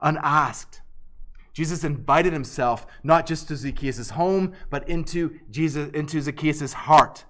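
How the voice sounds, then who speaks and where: A man's voice: on the high side, a little slow, fairly bright tone. A man preaching an expository sermon, earnest and emphatic, often restarting and repeating words.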